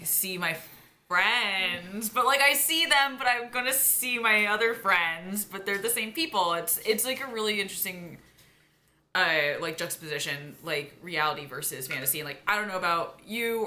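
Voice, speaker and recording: A woman's voice: medium pitch, pushed and bright. A young woman vlogger chatting casually and gushingly, with lots of "like" fillers. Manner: gushing, heavy use of "like". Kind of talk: casual chat.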